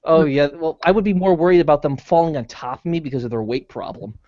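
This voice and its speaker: A man's voice: on the high side, quick pace, dark tone, dry recording, lo-fi sound. A man joking and laughing often in a casual group chat over an online call. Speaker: chat participant.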